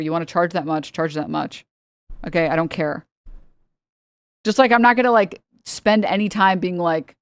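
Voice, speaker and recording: A woman's voice: fairly low pitch, dry recording. A woman streamer giving casual, exasperated commentary to her chat, swearing freely.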